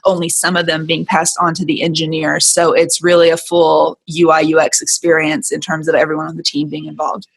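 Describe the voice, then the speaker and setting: A woman speaking as the guest on a casual podcast, candid and joking, talking in quick bursts. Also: deep voice, monotone, slightly rough. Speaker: guest expert.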